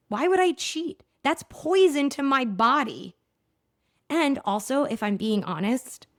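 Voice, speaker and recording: A woman in her thirties hosting a solo podcast, chatty and self-deprecating, often checking in with "okay?". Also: on the high side. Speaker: podcast host. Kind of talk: casual solo podcast talk.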